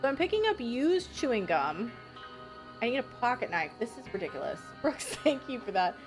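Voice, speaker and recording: Woman, game streamer, casual live chat, fairly high voice, swears freely, faint music behind. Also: sing-song, normal speed. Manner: chatty, swears casually, reads game text aloud. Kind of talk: casual live-stream commentary while playing.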